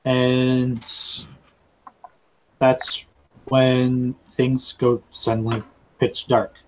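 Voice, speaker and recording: Slow-talking man running a tabletop game. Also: mid-range voice, level tone, a little mellow, slight background noise, rough recording. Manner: halting, storytelling with restarts. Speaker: game master.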